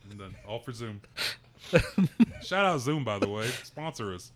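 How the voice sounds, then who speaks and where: A man from Fairfax, Oklahoma, telling a swearing, animated story in casual talk and acting out the quotes. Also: mid-range voice, measured pace.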